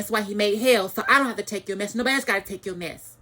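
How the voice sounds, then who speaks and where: A woman's voice: mid-range voice, racing, sharp tone. Angry ranting woman vlogger. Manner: heated, profane, repeats phrases for emphasis.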